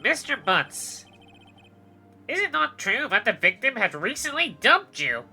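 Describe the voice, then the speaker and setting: Casting: a formal, pompous prosecutor played by a woman, sharp-toned and lively. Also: fairly high pitch, unhurried, vocal fry, slightly rough, soft background music, full character voice. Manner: formal, theatrical.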